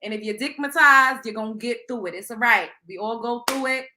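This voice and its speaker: A woman's voice: a little high, a little fast, pushed and bright. A young adult woman hosting a talk show, giving blunt, profane advice in a casual monologue and laughing often. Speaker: show host.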